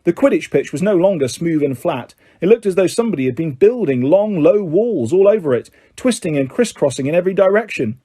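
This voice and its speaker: A male audiobook narrator reading a novel in steady, measured storytelling. His voice sits a bit high for a man yet sounds mellow and warm. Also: slightly rough. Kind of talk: scripted narration.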